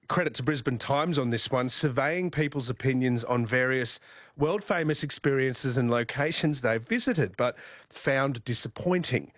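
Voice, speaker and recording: A man's voice: medium pitch, fairly bright tone, no echo. A man hosting a radio show, chatting in an upbeat way and laughing often. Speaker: radio host. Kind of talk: casual radio chat.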